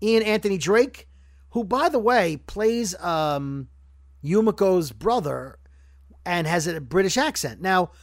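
A man's voice: sits high, animated, takes it slowly, no room sound, studio quality. A man from Brooklyn hosting a podcast in casual chat, rambling and joking as he corrects himself. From Brooklyn, New York. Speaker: podcast host.

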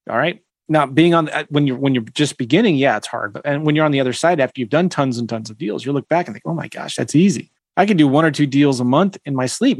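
A man teaching real estate to viewers on a live stream, wandering off track and laughing at his own slips. He reads a story aloud from his screen. His voice sits in a dry, close sound with no room echo. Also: mid-range voice. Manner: rambling, self-deprecating, chuckling asides.

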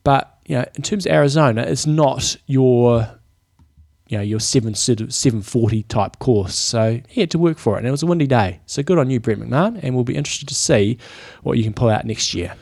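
A man, co-hosting a podcast, explaining stats and diets in a measured, casual way. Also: mid-range voice, lively intonation, vocal fry, darkish tone, dry recording, clean studio sound. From New Zealand. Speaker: podcast co-host. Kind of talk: casual chat.

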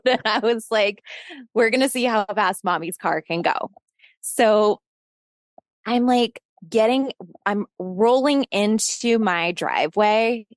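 A woman in her thirties telling a personal story in a casual interview, animated and profane, laughing often and acting out shouted quotes. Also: a little high, no room sound, studio quality.

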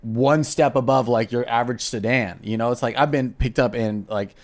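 A man co-hosting a podcast in casual chat, teasing and throwing in quick jokes. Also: medium pitch, steady tone. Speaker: podcast co-host, comedian.

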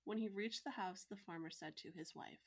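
A woman co-hosting a podcast, reading a folktale aloud in an even storytelling manner with joking asides. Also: mid-range voice, brisk, slightly rough.

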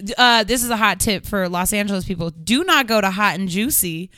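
A woman's voice: mid-range voice, animated, brisk, pushed and bright, dry recording. A young woman in casual podcast chat, telling stories animatedly, acting out quotes and swearing freely.

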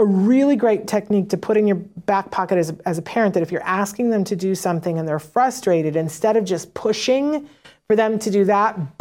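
A woman giving a casual teaching talk for parents, conversational and often checking in with "right?", acting out short exchanges in a lively voice. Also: mid-range voice. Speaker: parent educator on autism teaching.

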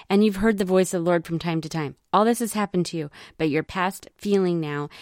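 A woman retelling scripture stories for children in an animated way, often asking her listeners questions. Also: lowish voice, clean tone, no echo, studio quality. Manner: lively, asks listeners questions.

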